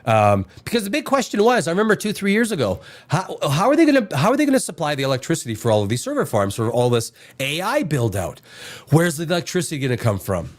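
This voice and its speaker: Male host, casual, rambling talker with lively pitch and a loose, cursing manner. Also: fast. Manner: rambling, swearing, many restarts. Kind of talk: casual chat.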